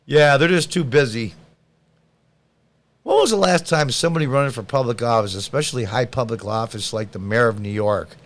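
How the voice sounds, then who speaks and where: A man's voice: mid-range voice, expressive, brisk. A man hosting a podcast, reading news items aloud and answering them with blunt, sarcastic, combative political commentary. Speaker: podcast host.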